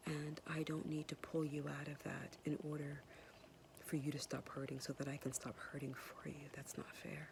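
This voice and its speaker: A woman whispering a soft, hesitant, tender and apologetic personal message to her son, pausing often. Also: low-pitched, little pitch movement, gravelly, background noise. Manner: soft and hesitant, many pauses and fillers. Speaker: mother speaking to her son.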